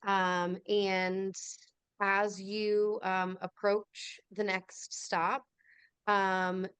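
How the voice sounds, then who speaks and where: A woman narrating as game master of a tabletop game, unhurried and full of pauses. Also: medium pitch, little pitch movement, a bit bright, clear, resonant tone, dry recording. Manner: unhurried, with many fillers and pauses. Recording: dry, with faint music behind.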